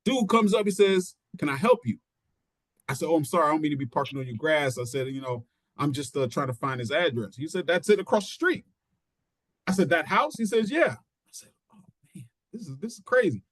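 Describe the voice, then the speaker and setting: A middle-aged man spins a story in a casual interview, slipping into the voices of the people he quotes. His voice sits fairly high for a man. The sound is dry and close, with no room around it. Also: a little fast, no room sound. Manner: animated storyteller acting out quotes. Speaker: interview guest, pro wrestler. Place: studio.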